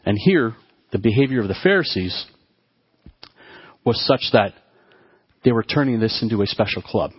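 A man preaching a sermon to his congregation, often halting and restarting his words as he talks. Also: fairly low pitch, husky, no room sound, highs cut off. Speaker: pastor.

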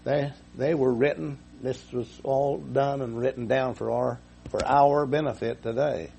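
A man's voice: medium pitch, fairly even intonation, unhurried, creaky, mellow, a little hiss or hum. A man preaching a folksy sermon to his congregation, repeating himself and telling a homespun story. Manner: folksy, repetitive, chuckles at own jokes.

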